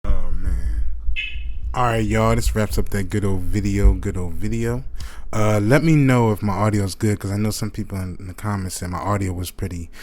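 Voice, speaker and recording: A man hosting his video, giving a relaxed, chatty sign-off into a handheld mic. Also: fairly low pitch, moderate pace, a little hiss or hum. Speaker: video host. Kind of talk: casual video outro.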